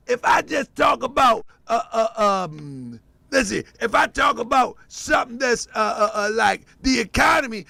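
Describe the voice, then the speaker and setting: Gravelly, excitable man hosting a livestream. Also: very high-pitched, moderate pace, dry recording. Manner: laughing, mocking, excitable. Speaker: host. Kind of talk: commentary livestream.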